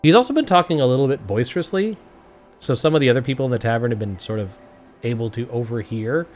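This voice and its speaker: A man's voice: mid-range voice, lively intonation, quick pace, a little mellow, soft background music. A man running a tabletop game as game master, narrating and laughing often.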